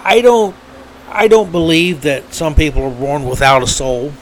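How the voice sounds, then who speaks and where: A man with a slightly higher voice delivers a solo podcast rant, heated and indignant, stumbling over restarts and fillers. A faint hiss of noise sits under the recording. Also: moderate pace. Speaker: podcast host. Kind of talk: solo political commentary.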